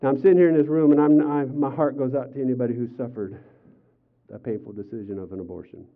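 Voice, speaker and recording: Older man, pastor, sermon, animated storytelling, acted quotes, tinny phone-like audio. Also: mid-range voice, quick pace. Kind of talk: sermon with personal stories.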